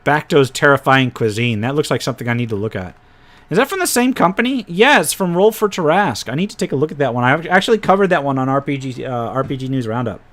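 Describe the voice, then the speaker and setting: A man's voice: medium pitch, sing-song, fast, fairly bright tone. A man hosting a casual live stream, thinking aloud as he pages through tabletop game files and drops wry asides. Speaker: host reviewing tabletop game PDFs.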